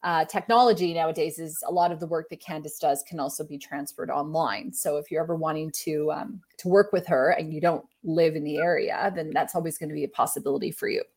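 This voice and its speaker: A woman's voice: low voice, fairly even intonation, darkish tone, breathy edge. Chatty upbeat woman podcast host. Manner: chatty, upbeat, quick laughs. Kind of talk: casual podcast chat.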